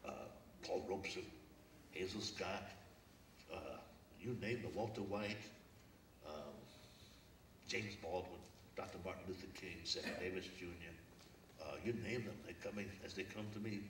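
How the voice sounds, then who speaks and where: An older man from Brooklyn speaks earnestly from a stage, telling stories in a low voice. He sounds far from the mic, and the big hall echoes around him. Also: moderate pace, pauses often, a bit bright, a little hiss or hum. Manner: reflective, storytelling, earnest. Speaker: guest speaker. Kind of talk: public forum talk. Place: lecture hall.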